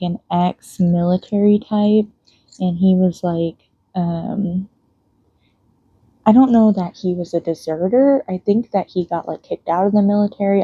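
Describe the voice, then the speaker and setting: A woman's voice: medium pitch, mellow, dry recording, highs cut off. A young woman chatting casually as a book vlogger at home, rambling with lots of fillers and restarts. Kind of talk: casual chat while reading and painting nails.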